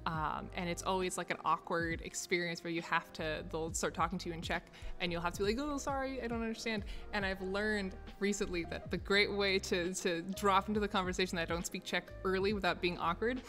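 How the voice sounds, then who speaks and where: A woman's voice: on the low side, level tone, a little fast, hardly any pauses, fairly bright tone, soft background music. A young woman chatting casually with viewers on a stream, rambling with lots of fillers and frequent laughter. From United States. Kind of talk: casual chat. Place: office.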